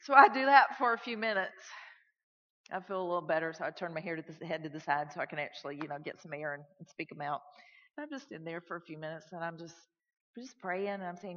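A woman telling a personal story in a sermon, animated and swinging from loud to hushed. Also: lowish voice, quick pace. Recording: echoey hall, dull lo-fi sound.

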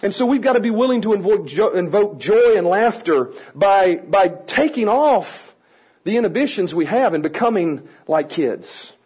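A man with a high, husky voice leads a lively training session for a live audience. He talks in a playful, energetic way, teasing people and coaxing them to join in. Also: moderate pace, poor audio. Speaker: children's ministry trainer. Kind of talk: lively teaching talk to an audience.

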